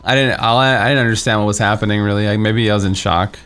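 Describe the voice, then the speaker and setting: A man's voice: on the low side, fairly even intonation, fast talker, a bit bright, smooth, faint music behind. A young man streaming a game, telling a story in a casual, rambling way with many fillers and restarts. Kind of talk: casual storytelling while playing.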